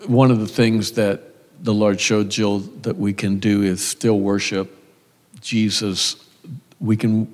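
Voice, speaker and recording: In a church sanctuary, an older man preaches a sermon through folksy, conversational storytelling. His voice is fairly low with a darkish tone, and the church hall adds reverb.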